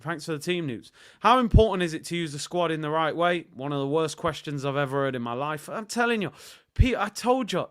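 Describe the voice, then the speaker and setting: A man with a fairly high voice riffs as a football channel host in loose fan commentary. He is sarcastic and jokey, and he rambles through plenty of "uh"s and "you know"s. His voice comes through smooth and clear. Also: brisk, fairly bright tone. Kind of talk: casual fan commentary on a livestream.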